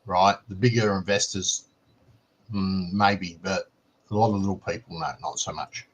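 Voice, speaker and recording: A man with a fairly low voice joins a live stream as co-host. He talks in an easygoing, matter-of-fact way, often checking in with a quick "right?". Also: breathy edge, dull audio. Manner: relaxed, explains plainly, ends points with "right?". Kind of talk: casual chat.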